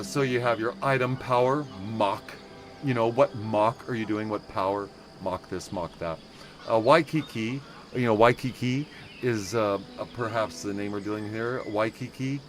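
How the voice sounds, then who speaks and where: With a lowish voice and a little hiss or hum on the audio, an American man hosts a casual game livestream. He rambles, breaks off his own thoughts, fills gaps with filler words, and playfully garbles German.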